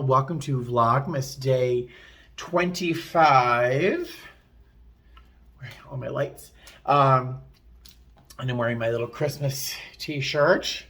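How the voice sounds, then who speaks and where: Bright-voiced chatty man vlogging. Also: medium pitch. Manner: chatty, rambling with many fillers. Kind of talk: casual chat to camera. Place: hotel room.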